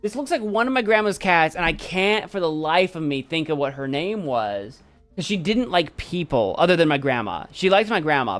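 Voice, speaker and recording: A man hosting a live stream, chatting casually in an animated, jokey and rambling way. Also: a little high. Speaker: streamer host.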